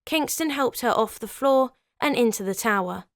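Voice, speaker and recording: A woman's voice: fairly high pitch, expressive, normal speed, no echo, studio quality. A woman hosting a history video, telling the story in a scripted but conversational way, with chatty asides.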